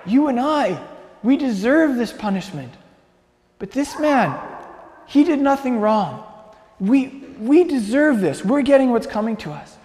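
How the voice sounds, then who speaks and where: A man's voice: extremely high pitch, very animated, a little slow, darkish tone, voice pushed up, exaggerated voice. A man voicing a repentant dying criminal, speaking with earnest pleading. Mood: rebuking. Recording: long hall reverb.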